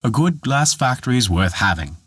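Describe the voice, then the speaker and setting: A man's voice: mid-range voice, sing-song, brisk, a bit bright, husky, no room sound, studio quality. A man voicing a tiny old forest dwarf made of glass who lectures and scolds in an exasperated way. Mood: scolding.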